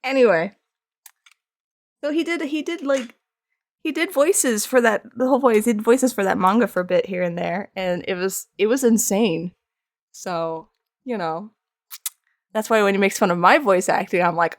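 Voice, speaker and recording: A woman's voice: medium pitch, moderate pace, pauses often, dry recording, clean studio sound. A young woman chatting casually with her viewers while streaming art from home. She rambles, pokes fun at herself and laughs often. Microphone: streaming microphone.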